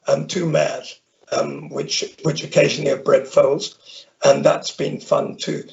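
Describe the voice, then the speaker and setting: A man's voice: a little high, creaky, darkish tone. An older man from Northern Ireland, a guest in an interview, telling rambling anecdotes with many restarts. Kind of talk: conversational storytelling. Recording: dull lo-fi audio.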